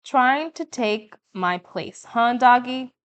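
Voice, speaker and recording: A proud, triumphant Cuban rebel father, newly home from war, talking in a slow, measured way, as a woman reads him aloud. The voice sits a touch high and does not rush. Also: lively intonation, smooth. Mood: teasing. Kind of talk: audiobook reading.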